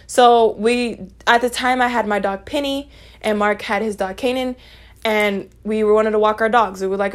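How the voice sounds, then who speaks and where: A woman's voice: mid-range voice, steady tone, normal speed. A young woman telling a storytime vlog in a rambling, profane, conversational way, full of dismissive asides. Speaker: vlogger.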